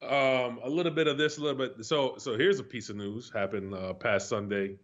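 A retired pro athlete in his forties, appearing as a guest, tells stories in a casual, profane way, laughing along. His mid-range voice is brisk with fairly even intonation, and the lo-fi recording sounds slightly dull.

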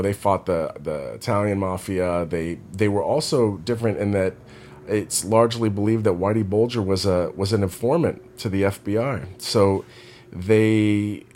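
Guy rambling through a story to camera, lots of restarts, lowish voice, thoughtful. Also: darkish tone. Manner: rambling, with many restarts and repeated words; reflective storytelling. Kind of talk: casual spoken monologue.

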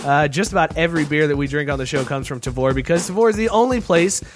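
A man co-hosting a casual podcast with a somewhat raised voice. He laughs easily and tends to stumble over read-out codes. Faint music plays low in the background. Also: quick pace. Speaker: podcast co-host reading ads. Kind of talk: casual chat.

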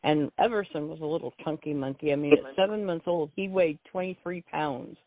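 A woman's voice: sits low, a little fast, no room sound. An older woman chatting casually about her time among wrestling fans, rambling and repeating herself. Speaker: guest, wrestling fan. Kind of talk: casual phone chat. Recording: tinny dry phone line.

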